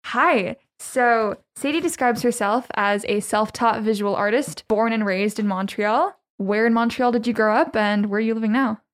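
A woman with a fairly high voice hosts an interview podcast. She reads her introduction in a clear, measured way and asks her questions plainly.

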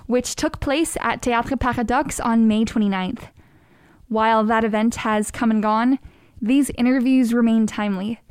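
A woman with a fairly high voice hosts an interview podcast. She reads her introduction in a clear, measured way and asks her questions plainly. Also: darkish tone.

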